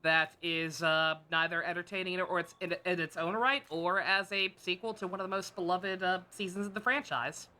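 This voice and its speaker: A woman streaming a game and chatting casually, sarcastic and quick to swear, with excitable outbursts. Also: lowish voice. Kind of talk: casual chat over gameplay.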